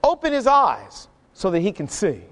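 Preacher giving a calm prophet, slow and measured, high male voice, hall echo. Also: gravelly, heavily acted. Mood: reassuring. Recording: long hall reverb.

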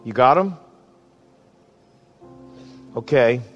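A man, a pastor, preaching a sermon and then leading a slow, pleading prayer. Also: medium pitch, expressive, highs cut off, faint music behind. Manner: earnest, pleading, slows for emphasis.

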